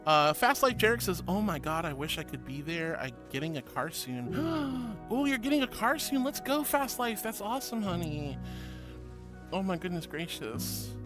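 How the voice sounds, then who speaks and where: Over music, a very animated woman talks at a normal speed as a VTuber streamer, casually chatting and reading out messages from viewers. She's warm and bubbly, using "honey" and "sweetheart" for everyone, with big gasps of delight and sweeping pitch changes.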